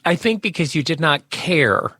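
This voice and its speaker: A man co-host speaks with a bright, mid-pitched voice, wry and dry in his humor. He pauses often with fillers as he talks. The recording is dry and close. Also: lively intonation, dry recording. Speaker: radio show co-host. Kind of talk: casual talk-show banter.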